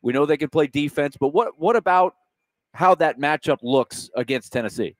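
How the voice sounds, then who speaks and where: A man's voice: a little high, normal speed, no room sound. A man hosting sports talk radio, introducing his guest and setting up a question for him.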